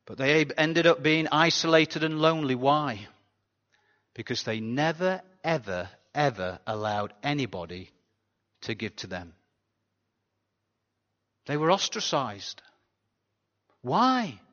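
A pastor giving a sermon in a chatty, conversational way, often asking the congregation rhetorical questions. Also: male voice, a little high, animated, slow, long pauses, fairly bright tone. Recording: dull sound with long hall reverb.

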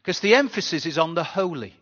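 A pastor giving a sermon in a chatty, conversational way, often asking the congregation rhetorical questions. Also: male voice, a little high, expressive, fairly quick, fairly bright tone. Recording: dull sound with long hall reverb.

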